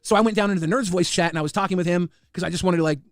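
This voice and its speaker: A man telling a story in a casual way, fast and full of repeated restarts. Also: sits high, dry recording. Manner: rapid, repetitive restarts. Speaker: guest recounting drama.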